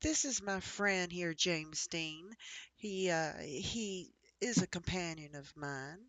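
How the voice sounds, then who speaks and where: A woman's voice: on the low side, takes it slowly, fairly bright tone, no echo. A woman voicing an elderly woman who sweet-talks a shopkeeper and pleads poverty. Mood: pleading. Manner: sweet-talking, calls people dear.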